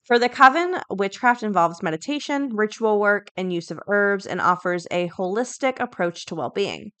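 A woman's voice: mid-range voice, expressive, normal speed, a bit bright, clear, resonant tone, dry recording. A woman hosting a podcast, reading news items and then thinking aloud in a chatty way, with many fillers and restarts. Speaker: podcast host. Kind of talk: casual podcast commentary.

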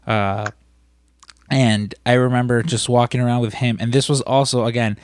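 A man's voice: medium pitch, steady tone, moderate pace, a little hiss or hum. A man chatting casually, rambling and self-deprecating, with many ums and uhs. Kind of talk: casual chat.

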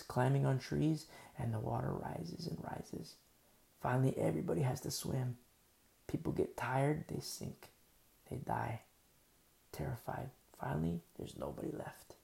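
A male pastor delivers a sermon in a medium-pitched voice that is very mellow and heavily gravelly, telling it vividly like a story. His talk is casual and unpolished, packed with fillers, and he slips into character voices to act out dialogue from biblical scenes.

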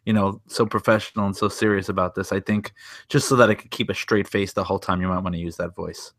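Bright-voiced man joining a podcast by video call. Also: low-pitched, steady tone, quick pace, no echo, clean studio sound. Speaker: podcast co-host. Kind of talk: casual podcast chat.

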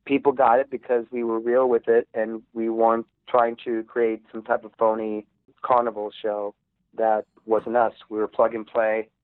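A man's voice: lowish voice, completely flat delivery, moderate pace, no room sound. A man who plays rock music, telling stories in a casual interview, rambling with many restarts. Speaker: musician guest. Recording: tinny phone line.

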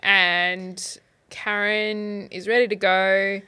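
A woman's voice: medium pitch, flat delivery, drawn-out words, sharp tone, smooth, no room sound. Laid-back woman laughing through a recap. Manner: laid-back, laughs a lot, fills with ums. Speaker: podcast co-host. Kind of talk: casual chat recapping a TV episode. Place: cold home garage studio.

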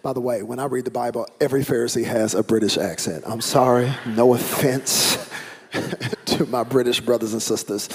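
A man's voice: mid-range voice, moderate pace, slightly rough. A man preaching a sermon, joking and calling out to the congregation for responses. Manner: lively preaching with humor and call-and-response. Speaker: pastor.

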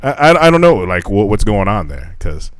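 A man's voice: moderate pace, no echo. A man co-hosting a casual podcast chat, rambling and swearing a lot, his voice jumping up when he gets worked up. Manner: heavy swearing, rambling with restarts; animated, voice jumps high when telling stories. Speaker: podcast co-host. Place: living in Japan.

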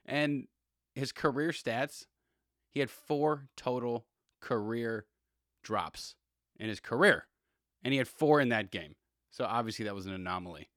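A man's voice: medium pitch, animated, moderate pace, pauses often, a bit bright, dry recording, clean studio sound. Rambling male sports podcast host. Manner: rambling, chuckling, self-correcting. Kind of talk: casual sports chat.

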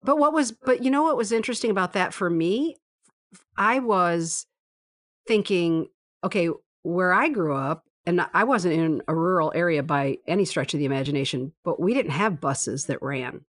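A woman's voice: fairly low pitch, a bit bright, no room sound, studio quality. A woman from Michigan in casual conversation, rambling and correcting herself with small chuckles. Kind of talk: casual book discussion.

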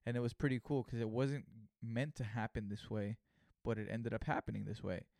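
A vlogger in his thirties from California tells a personal story in a loose, slang-filled monologue, dropping "you know" and "right?" throughout. His middle-pitched voice is creaky and fairly quick. The recording is dry and close-miked, with no echo or room sound.

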